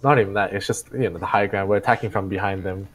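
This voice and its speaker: A man's voice: low voice, fairly even intonation, quick pace, a little hiss or hum. A young man directing his team over a headset, repeating his calls during fights. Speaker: esports player. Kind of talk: casual team voice chat.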